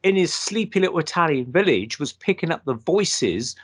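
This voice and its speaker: A man hosting a casual talk show over a video call, rambling with many pauses and fillers. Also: a little high, big pitch swings. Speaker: podcast host. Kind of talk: casual chat.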